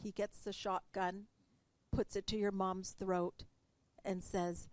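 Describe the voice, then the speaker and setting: Woman host asking about a guest's book, mid pitch, dry close sound. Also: little pitch movement, slow pace, a little mellow, no room sound. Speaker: interviewer and coach. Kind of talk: interview conversation.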